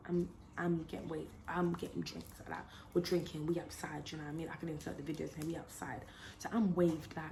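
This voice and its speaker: A young woman telling a story on her vlog, slangy and animated, acting out the quotes. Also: fairly low pitch, slight background noise. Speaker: YouTuber.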